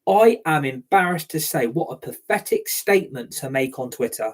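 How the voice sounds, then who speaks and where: A man with a mid-range voice, animated and moderately paced, hosts a football fan channel and unleashes a heated rant. He's furious and swears freely throughout.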